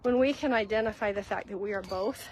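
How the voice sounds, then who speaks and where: A woman's voice: medium pitch, brisk, slight background noise, poor audio. A woman hosting a faith-based walk-and-talk, teaching in an earnest, conversational way while walking outdoors. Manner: earnest and conversational, addresses listeners as guys. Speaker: host giving spiritual guidance.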